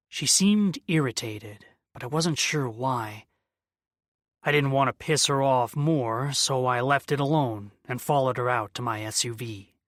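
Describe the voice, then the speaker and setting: A man reading a first-person crime audiobook, measured and subdued. His voice sits at a middling pitch, close-miked with a dry, dead sound. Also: fairly bright tone, no room sound. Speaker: audiobook narrator.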